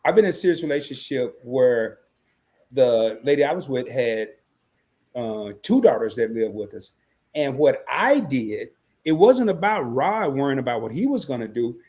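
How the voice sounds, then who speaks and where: A man co-hosting a casual podcast, talking in an animated way that jumps up high when he makes a point. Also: normal speed, slightly rough. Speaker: podcast co-host.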